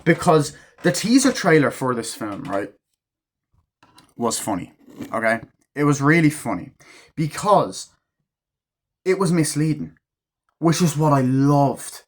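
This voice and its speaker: A man's voice: on the high side, big pitch swings, measured pace, long pauses. A man giving a casual, rambling movie review at home, full of swearing and fillers. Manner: rambling, profane, filler-heavy retelling.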